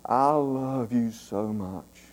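A preacher voicing a stern loving mama. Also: male voice, medium pitch, very slow. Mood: tender stern. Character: loving but stern country mother. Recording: long church reverb.

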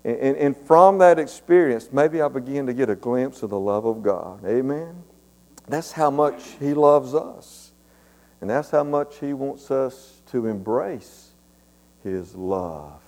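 This pastor's voice is medium-pitched, animated, measured and a little mellow. He preaches a folksy, earnest storytelling sermon in a church sanctuary, repeating words often, with long church reverb on the recording.

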